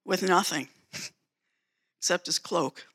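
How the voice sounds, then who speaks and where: A preacher delivers a sermon, telling the story with theatrical drama and returning again and again to emphatic phrases. The voice is bright and forward, and the pitch sits in a middle range. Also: slow.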